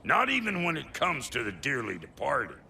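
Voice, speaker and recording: A man voicing a gruff, foul-mouthed male dwarf blacksmith in a video game, brash and slangy, with a gravelly voice. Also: mid-range voice, huge pitch swings, moderate pace, bright, forceful tone, slight background noise, full character voice. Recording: game audio with music behind.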